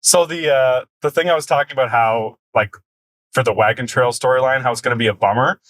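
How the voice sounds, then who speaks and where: Male podcast co-host, relaxed film chat, filler-heavy delivery, dry close recording. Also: mid-range voice, brisk, dry recording. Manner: loose, filler-heavy, frequent laughs. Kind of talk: casual film review chat.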